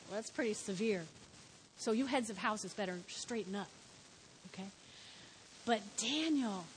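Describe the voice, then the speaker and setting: A woman preaching a sermon, telling the story with lively, animated delivery. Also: fairly high pitch, in a large hall, slight background noise, rough recording. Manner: animated storytelling, shouts in acted quotes.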